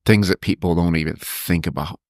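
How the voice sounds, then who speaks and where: A man co-hosting a podcast, telling a personal story with halting pauses and acting out quoted people in a higher voice. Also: no echo, studio quality. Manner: halting, stops to steady himself when emotional; acts out quoted people with raised pitch. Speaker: podcast co-host.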